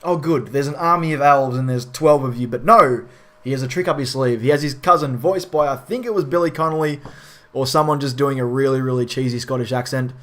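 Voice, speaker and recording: A man's voice: medium pitch, brisk, fairly bright tone. A man giving a casual spoken film review in a frustrated, ranting way with frequent swearing.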